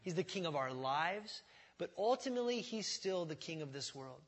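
A man's voice: a little high, expressive, normal speed. A man in his forties preaching a sermon as pastor, conversational and earnest, with frequent fillers and self-corrections. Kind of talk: sermon, verse-by-verse Bible teaching. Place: church sanctuary.

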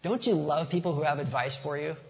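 A man's voice: a little high, a little fast, creaky. A man preaching a sermon as pastor, casual and conversational, slipping in jokes. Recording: long reverb of a large hall.

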